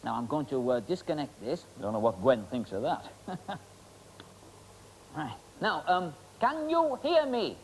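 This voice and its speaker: Joking stage magician, lively pitch. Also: male voice, unhurried, pauses often, slight background noise, poor audio. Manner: joking, rambling, teasing, full of ums. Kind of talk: comic stage patter with volunteers.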